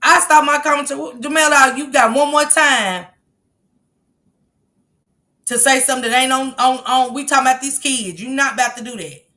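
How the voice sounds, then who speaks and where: A woman's voice: high voice, normal speed, bright, forceful tone. A woman hosting a casual livestream, reading the chat aloud and bluntly scolding commenters. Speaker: livestream host.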